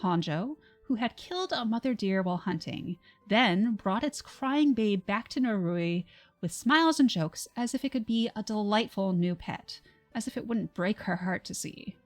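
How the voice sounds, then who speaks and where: A woman reading her own fantasy novel on a livestream, with soft, measured narration and casual asides. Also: mid-range voice, animated, soft background music. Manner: soft, measured narration, laughs between passages.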